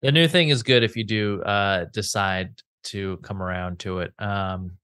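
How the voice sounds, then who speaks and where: A man with a lowish voice talks easily on a podcast, working through ideas out loud with fillers. The sound is dry, with no room echo. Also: unhurried, clear, resonant tone. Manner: easygoing, thinking aloud with fillers. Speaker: podcast co-host. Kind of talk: casual podcast chat.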